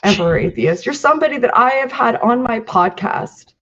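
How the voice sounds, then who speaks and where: A woman's voice: on the high side, lively intonation, moderate pace, fairly bright tone. A hurt woman speaking near tears, pleading with someone she once promoted on her podcast. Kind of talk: emotional personal address. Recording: dull lo-fi clip audio.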